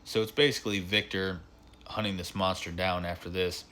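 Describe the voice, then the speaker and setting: A man's voice: sits low, steady tone, normal speed, fairly bright tone, slight background noise. A man giving a casual spoken film review, retelling the plot in a rambling way full of fillers.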